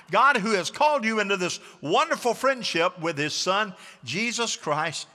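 A pastor preaching to his congregation in a church, his voice bright and forceful and set a little high for a man. He calls out to the people and has them repeat lines back to him. A long reverb hangs on every phrase. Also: expressive, moderate pace, hardly any pauses. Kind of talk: sermon.

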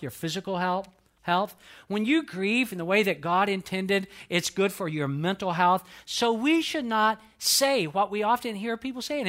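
A man's voice: high-pitched, fairly bright tone. A middle-aged male pastor preaching a sermon in an earnest, conversational way, with repetitions and restarts.

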